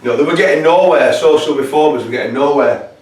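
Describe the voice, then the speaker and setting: Man presenter, casual rambling talk to camera, many fillers, slightly high voice, echoey room, distant mic. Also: quick pace. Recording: roomy echo, distant mic.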